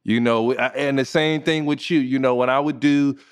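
A man hosting a podcast interview, eager and quick to react. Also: medium pitch, fairly even intonation, clean tone. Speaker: podcast host.

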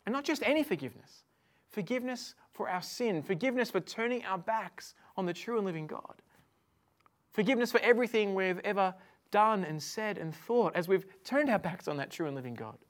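Animated woman preaching. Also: mid-range voice, a little fast. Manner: conversational and animated, swings from hushed to loud. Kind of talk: sermon to an online audience.

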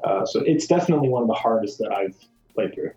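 A man's voice: lowish voice, animated, fast, mellow. A man and speedrunner from Michigan, chatting casually on a podcast and telling stories with many fillers. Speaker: speedrunner guest. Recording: echoey, dull sound with faint music.

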